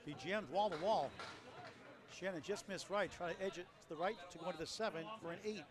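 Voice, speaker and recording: A man giving live play-by-play on a bowling match, rattling off scores and plugging the channel. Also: sits high. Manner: rapid score calls, lively promo plugs. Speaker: play-by-play commentator. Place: bowling alley. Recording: loud crowd in a bowling hall.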